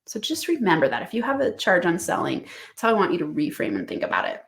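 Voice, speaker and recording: A woman's voice: fairly low pitch, very animated, fast. A woman hosting her own business podcast, coaching listeners in an enthusiastic, conversational and emphatic way. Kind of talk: solo podcast teaching.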